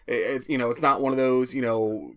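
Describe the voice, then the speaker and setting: A man's voice: medium pitch, a little fast, a bit bright. A man giving a rambling, profane spoken movie review, often stammering and restarting. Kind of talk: casual spoken film review.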